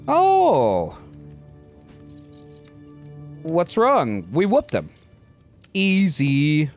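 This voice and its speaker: Brief: casual gameplay commentator, reactive and animated. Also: slow, long pauses, soft background music. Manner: excitable, with yelps and a wide pitch swing. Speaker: gameplay channel host.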